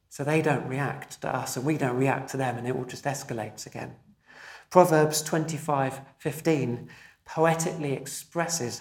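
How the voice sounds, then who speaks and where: Man preaching a measured sermon in an echoey room. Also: mid-range voice. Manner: measured, emphatic preaching with slow stressed phrases. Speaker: pastor.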